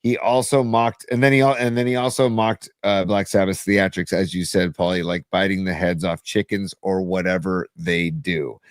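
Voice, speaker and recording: Low-voiced man musing on a podcast. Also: level tone, normal speed, hardly any pauses, no room sound. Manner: rambling, musing. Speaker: podcast co-host. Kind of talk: casual chat.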